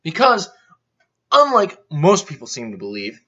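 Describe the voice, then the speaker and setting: A man ranting in a heated, sweary, sarcastic voice that sits fairly high. His tone is sharp and tense, and the lo-fi recording dulls the sound. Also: huge pitch swings, measured pace. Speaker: vlogger. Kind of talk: angry profane rant. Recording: dull lo-fi recording.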